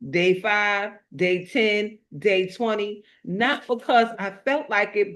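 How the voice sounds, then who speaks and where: A middle-aged woman delivering a motivational talk, pressing her points through rhythmic, preacher-like repetition. She slips between direct exhortation and personal storytelling. Her pitch sits in the middle range. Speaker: motivational speaker.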